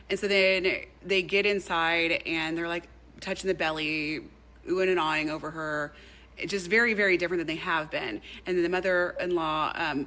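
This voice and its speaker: A woman's voice: lowish voice, sharp tone, low-quality recording. A woman on a podcast, chatty, retelling a viral story and acting out the people in it. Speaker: podcast co-host.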